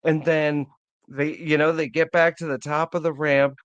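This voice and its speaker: A man guesting on a podcast, telling an excited, profane story in casual chat. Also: a little high, moderate pace, clean tone, no room sound, highs cut off. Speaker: guest wrestling fan.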